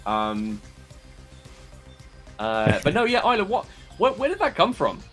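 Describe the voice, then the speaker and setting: A man guesting on a live stream, chatty and quick to laugh, filling pauses with ums. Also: sits high, huge pitch swings, a bit bright, soft background music. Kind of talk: casual live-stream chat.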